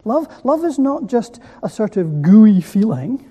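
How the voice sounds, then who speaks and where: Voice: medium pitch, big pitch swings, measured pace, warm tone, husky. A preacher giving a sermon who asks the listeners rhetorical questions and repeats key words for weight. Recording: echoey hall.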